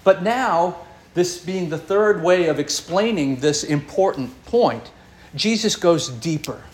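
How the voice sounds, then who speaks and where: A man preaching a sermon, delivering it expressively, his voice swinging up and down with dramatic pauses. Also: sits high, lively intonation. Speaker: pastor.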